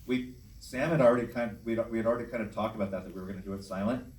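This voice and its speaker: Halting, enthusiastic man on a panel. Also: lowish voice, darkish tone. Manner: halting, enthusiastic, many restarts. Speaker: filmmaker on a convention panel. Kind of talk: casual panel talk. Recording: echoey hall, distant mic, faint noise.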